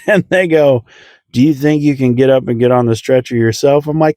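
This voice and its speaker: A young man telling a self-mocking comic story, acting out the voices of others with sudden jumps in pitch. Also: normal speed, a little mellow, dry recording, clean studio sound. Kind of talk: comedic storytelling.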